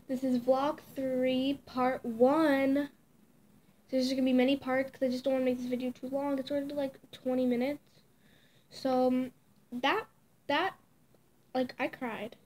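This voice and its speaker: A woman's voice: high voice, a little mellow, a little hiss or hum. A woman chatting casually while she plays a game, cooing to a little pet as she goes. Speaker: vlogger. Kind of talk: casual gameplay chat.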